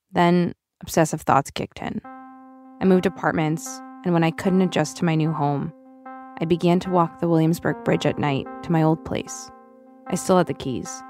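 A young woman, raised in the US after arriving from Russia, reading a personal essay in a reflective, measured, confessional way. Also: low-pitched, creaky.

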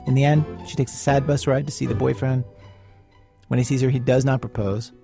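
A man hosting a radio show, narrating a guest's story in a measured, wry way and asking her questions. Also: medium pitch, level tone, gravelly, dark tone, soft background music. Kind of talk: scripted radio narration and interviewing.

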